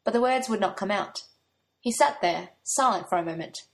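A woman's voice: mid-range voice, animated, normal speed, gravelly. A woman reading a story aloud, giving her own light touch to the young men's lines. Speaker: narrator.

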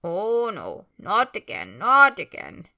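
A woman's voice: medium pitch, wildly swooping pitch, slow pace, sharp tone, highs cut off, full character voice. A woman voicing a wheezing, muttering old male house elf servant in a storybook reading. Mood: muttering indignant.

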